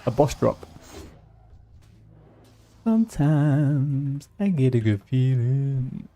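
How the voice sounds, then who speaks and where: A man's voice: mid-range voice, expressive, drawn-out words, warm tone. A man live-streaming a game in casual commentary, rambling and muttering to himself with mild swearing and humming.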